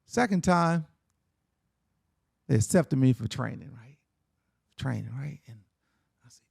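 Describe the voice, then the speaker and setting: A man, a podcast guest, telling a personal story in a relaxed, conversational way and tagging "man" and "right?" onto his lines. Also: medium pitch, measured pace, creaky, pauses often, breathy edge, no echo, studio quality. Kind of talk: casual storytelling.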